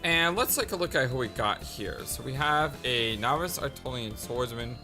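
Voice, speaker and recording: Upbeat chatty let's play guy, super lively pitch, loud game music behind. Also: moderate pace. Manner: upbeat, chatty, laughs easily. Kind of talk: casual gameplay commentary.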